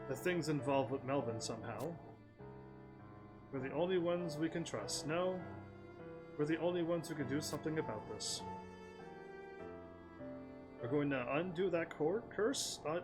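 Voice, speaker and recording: Playful man streaming a game. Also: on the high side. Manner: playful, laughs often, reads game lines aloud. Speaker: gaming streamer. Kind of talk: casual let's-play commentary, reading dialogue aloud. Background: game music.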